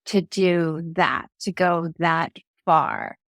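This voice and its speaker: A woman's voice: low voice, very animated, extremely slow, creaky, a bit bright, no room sound, studio quality. A woman guest on a podcast in casual chat, upbeat and jokey, laughing often as she talks.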